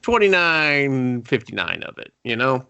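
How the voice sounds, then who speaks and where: A man co-hosting a casual movie review podcast, talking in an animated way, swearing freely and laughing often. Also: medium pitch, unhurried, smooth, no echo, dull audio. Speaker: podcast co-host.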